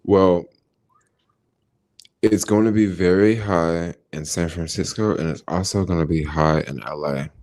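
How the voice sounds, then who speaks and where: A man's voice: low voice, unhurried, a little mellow. An American man chatting casually on a livestream, laid-back and slangy, thinking aloud as he answers viewers' comments. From United States. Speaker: vlogger reading viewer comments.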